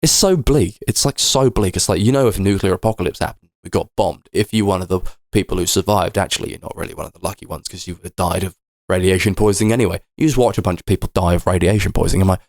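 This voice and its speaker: A young man co-hosting a podcast chats loosely about films, rambling, swearing, and sometimes putting on silly voices to act out characters' lines. He has a low-pitched voice and talks fast, recorded dry in clean studio sound.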